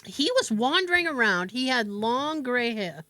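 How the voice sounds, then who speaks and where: A woman hosting a podcast, telling a story in a casual, animated way with laughs and swearing. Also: fairly high pitch, normal speed, no echo. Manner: animated, laughing, profane, with fillers. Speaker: podcast host.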